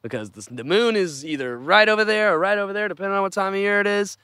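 A man's voice: sits high, fast, bright, forceful tone, smooth, no room sound. A man co-hosting a casual podcast from his own backyard, laid-back and swearing casually. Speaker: podcast co-host.

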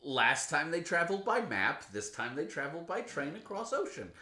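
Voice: medium pitch, big pitch swings, normal speed, pushed and bright, echoey room. A podcast co-host adding wry, joking asides during a casual movie recap.

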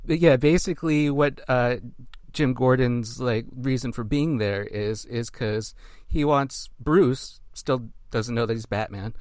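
Man, podcast co-host, casual recap chat, animated storytelling, middle pitch, dry close sound. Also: unhurried, dry recording. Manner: animated storyteller, acts out characters' lines.

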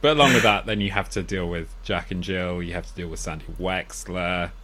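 A man's voice: low-pitched, brisk, very noisy. A man co-hosting a casual film podcast, dry and sardonic, swearing now and then. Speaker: podcast co-host.

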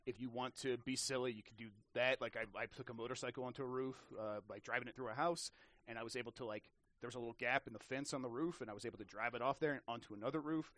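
A man's voice: mid-range voice, rapid-fire, no room sound. A man in casual podcast chat about games, telling stories with lots of restarts and acted-out quotes. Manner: animated storyteller, many restarts, acts out quotes.

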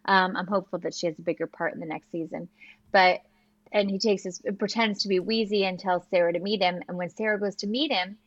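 A woman co-hosting a podcast, chatting casually and retelling scenes with quick quoted lines. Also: mid-range voice, steady tone, dry recording, dull audio. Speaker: podcast co-host. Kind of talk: casual recap chat.

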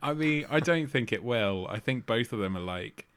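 A man's voice: medium pitch, normal speed, no echo. A man, co-hosting a casual chat and swearing freely. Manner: sweary, animated impressions of others. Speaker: podcast co-host.

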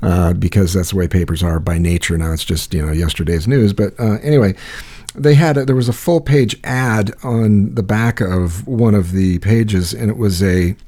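A man's voice: sits low, steady tone, moderate pace, warm tone. A man from Iowa co-hosting a casual chat, rambling and profane, telling stories with frequent restarts.

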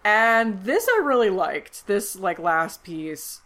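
A woman co-hosting a podcast, recapping a movie in casual chat and acting out the characters' lines in quick voices. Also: medium pitch. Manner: animated retelling, acts out quotes in quick voices. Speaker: podcast co-host.

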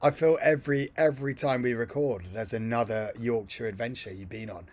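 A man co-hosting a casual podcast chat, eagerly pitching ideas. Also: fairly even intonation, brisk, few pauses, darkish tone. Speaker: podcast co-host.

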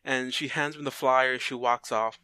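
A man's voice: medium pitch, fairly even intonation, moderate pace, pushed and bright, smooth, no echo. A man casually retelling a made-up story plot, rambling with fillers and restarts and briefly voicing the characters in quotes.

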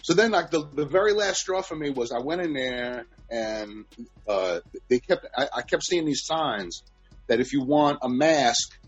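A man's voice: medium pitch, animated, measured pace, breathy edge, dull audio, soft background music. A man telling rambling, profane stories in a casual chat from home.

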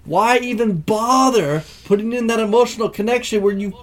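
A man with a high voice talks casually about a film. He rants loudly and swears a lot, and his voice keeps jumping up into even higher bursts. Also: normal speed. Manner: ranting, profane, animated. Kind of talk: casual movie discussion.

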